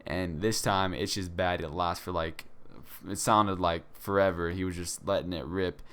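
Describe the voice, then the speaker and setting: A man's voice: low voice, steady tone, moderate pace, fairly bright tone, clean tone. A young man telling a casual story to his channel, rambling with many fillers and restarts. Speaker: vlogger.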